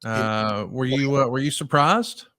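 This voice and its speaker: A man's voice: mid-range voice, measured pace, sharp tone, dry recording, clean studio sound. A man hosting a podcast interview, chatting eagerly and needling his guest with pointed questions. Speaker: podcast host. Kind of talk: casual interview chat.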